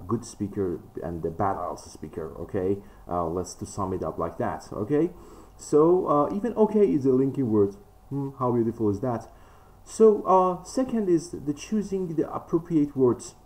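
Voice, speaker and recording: Low-voiced man teaching with many fillers. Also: warm tone. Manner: frequent fillers, emphatic rises in pitch. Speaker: English test teacher. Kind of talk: spoken lesson.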